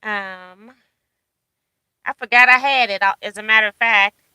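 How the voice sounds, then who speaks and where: Bright chatty woman reading viewer comments. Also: mid-range voice, steady tone, measured pace, smooth, dry recording, low-quality recording. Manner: chatty, laughs often, reads comments aloud. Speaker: livestream host. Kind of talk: casual livestream chat reading viewer comments.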